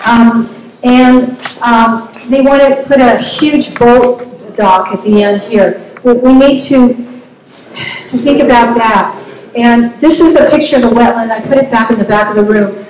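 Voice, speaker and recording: Lady speaking up at a community meeting, a bit high, passionate and halting, echoey room w/ faint noise. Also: darkish tone. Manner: impassioned, halting with repeated words. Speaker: public commenter. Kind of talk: public comment at community meeting.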